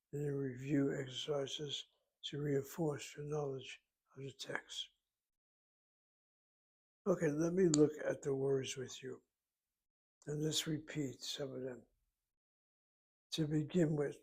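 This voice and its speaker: A man's voice: mid-range voice, darkish tone, breathy edge. A man teaching a Hebrew lesson, explaining grammar methodically step by step. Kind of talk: recorded language lesson.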